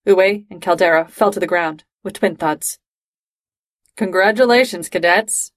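A woman reading fan fiction aloud in steady, even narration. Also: on the low side, normal speed, no room sound, clean studio sound. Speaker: reader.

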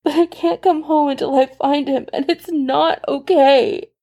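A man's voice: sits high, lively intonation, unhurried, gravelly, mellow, slightly rough, exaggerated voice. A woman voicing an exhausted, injured young man who is crying and pleading, his voice breaking. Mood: tearful, pleading.

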